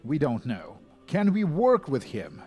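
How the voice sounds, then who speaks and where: Man, scripted video essay narration, wry, dry humor, lively pitch, faint music behind. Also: a little slow.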